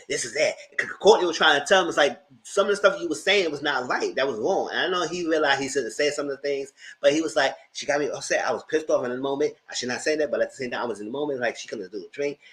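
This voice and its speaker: A man hosting a casual TV review, talking in an animated, blunt way and swearing freely. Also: medium pitch, low-quality recording. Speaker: show recap host.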